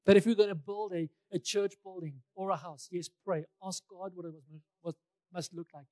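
A man's voice: high voice, steady tone, moderate pace, warm tone, dry recording. A male pastor preaching a sermon in a conversational way, repeating key phrases for emphasis, with touches of light humor.

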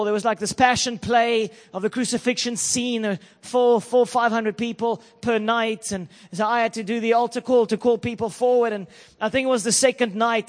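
A man preaching a sermon, telling an emotional story and building to loud declarations. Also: very high-pitched, long reverb tail.

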